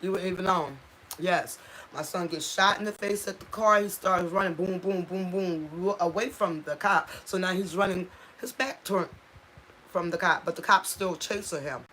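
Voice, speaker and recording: Live-streaming from home, a woman speaks in a fairly low, pushed, bright voice at a moderate pace, with a little hiss or hum in the audio. Her casual talk is emotional, raw, and impassioned; she repeats herself for emphasis and pauses to thank viewers.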